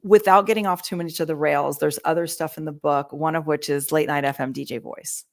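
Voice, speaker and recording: A woman talking through communication skills on a podcast, teaching in a lively way and acting out quoted lines. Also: sits low, brisk. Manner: animated teaching, acts out quoted voices. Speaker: real estate agent. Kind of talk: podcast conversation, coaching.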